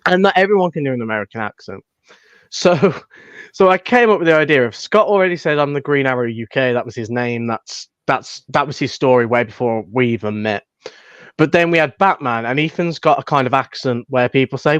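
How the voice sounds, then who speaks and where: Young british guy rambling on about his fan series, bit high voice, dull muffled dry sound. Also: expressive, normal speed, dry recording. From United Kingdom. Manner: rambling, many restarts and fillers. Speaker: fan filmmaker guest. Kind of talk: casual chat.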